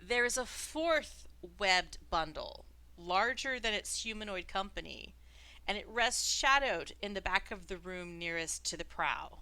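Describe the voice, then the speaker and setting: A woman's voice: medium pitch, expressive, unhurried, pushed and bright. A woman narrating a tabletop game as dungeon master, describing scenes and laughing often.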